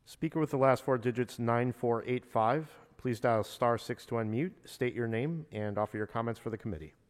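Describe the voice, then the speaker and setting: A man's voice: medium pitch, moderate pace. A man working as a meeting moderator, reading routine scripted prompts to callers. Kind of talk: procedural announcements. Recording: long reverb.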